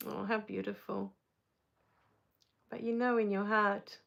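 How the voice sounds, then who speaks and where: A woman hosting a spiritual live Q&A, reading viewer comments, soft-spoken and tender, quick to laugh and tear up. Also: mid-range voice, flat delivery, vocal fry. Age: adult with a child. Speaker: spiritual live-stream host.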